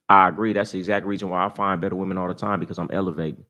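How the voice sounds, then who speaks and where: A man's voice: deep voice, level tone, racing, few pauses, pushed and bright. Brash, profane young male stream host. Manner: brash, boastful, profane street talk. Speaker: livestream host. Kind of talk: casual live-stream advice talk.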